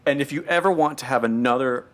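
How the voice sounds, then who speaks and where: A man's voice: mid-range voice, fast. A middle-aged American man casually chatting as a podcast host, rambling through a story with many fillers. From United States. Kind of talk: casual chat.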